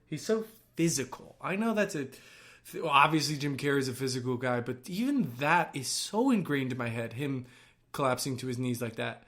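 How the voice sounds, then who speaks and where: A man who works as an actor and writer, giving casual watch-along commentary on a film in an excitable, gushing way that bursts into yelling. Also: mid-range voice, moderate pace.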